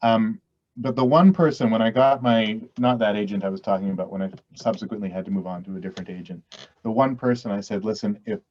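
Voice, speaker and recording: A man's voice: on the low side, quick pace, darkish tone. A middle-aged man from western Canada, chatting as an actor guest in a casual interview, rambling and self-deprecating with many restarts. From West Coast Canada. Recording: dull lo-fi audio.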